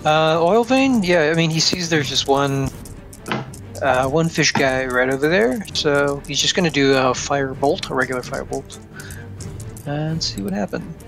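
A man with a slightly raised pitch talks very slowly and hesitantly through his turn in a tabletop game. Music plays clearly in the background. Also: lively intonation. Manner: unhurried, hesitant. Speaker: player. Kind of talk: casual narration of a tabletop game.

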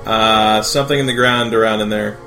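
A man's voice: on the low side, steady tone, a little fast, sharp tone, faint music behind. A man playing a tabletop game, hesitant and thinking aloud with fillers. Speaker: player.

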